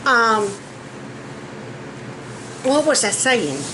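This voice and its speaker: With a fairly high voice and big pitch swings, a Southern woman speaks very slowly as she cooks in her home kitchen. The vlogger is chatty, folksy, and rambling, slightly out of breath, with a fan whirring noisily behind her.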